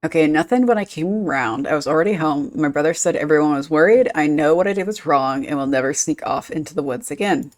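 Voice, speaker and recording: A woman's voice: low voice, brisk, few pauses, a little mellow, faint music behind, lightly acted. A woman voicing a contrite young village girl, reading game dialogue aloud.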